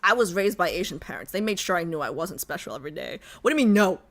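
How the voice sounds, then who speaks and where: A young adult woman streamer chatting casually and reading viewer messages, excitable, often stammering and restarting her sentences. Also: lowish voice, quick pace. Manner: excitable, bursts into squeals and laughter, stammers and restarts.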